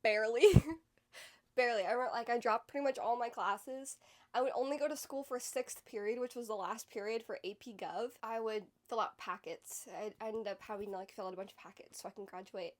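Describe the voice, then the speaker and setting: A woman's voice: a little high, steady tone, a little fast. A young woman hosting a podcast, telling a candid personal story in a rambling, emotional way with lots of "like". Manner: rambling, emotional, heavy use of "like". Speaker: podcast host.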